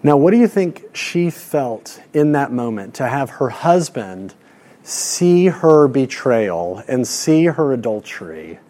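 A man preaching a sermon, earnest, repeating words as he builds a point and dropping soft and slow on key lines. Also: mid-range voice. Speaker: pastor.

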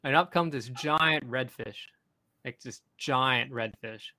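Bright-voiced excitable male fishing host. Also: mid-range voice, slow, dry recording, rough recording. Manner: excited, rambling, with frequent restarts. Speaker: podcast host. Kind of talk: casual storytelling chat.

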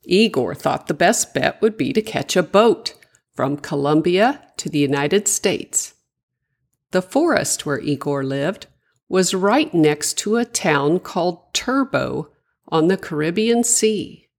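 A woman reading a children's story aloud, with expressive, sing-song narration. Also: fairly low pitch, takes it slowly, vocal fry.

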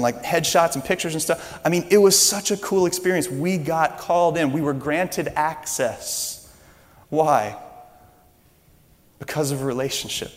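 A man preaching a sermon as pastor, telling a story with animated energy that builds when excited. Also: on the high side, in a large hall.

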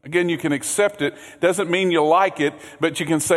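A man preaching a sermon as pastor, earnest, repeating words, swinging from loud emphasis to hushed low passages. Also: expressive, fairly quick, hardly any pauses. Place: church sanctuary. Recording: long hall reverb.

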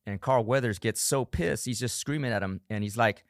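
A man's voice: lowish voice, normal speed, vocal fry, hardly any pauses, no room sound, studio quality. A middle-aged man hosting a solo motivational podcast, talking earnestly with emphatic bursts. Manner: earnest, emphatic, acts out harsh self-talk in bursts. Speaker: podcast host; coach and parent.

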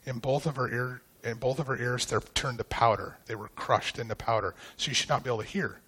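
A middle-aged man, a pastor giving a personal testimony, telling it in a halting, emotional way with many restarts. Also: medium pitch, fairly even intonation, sharp tone, slightly rough.

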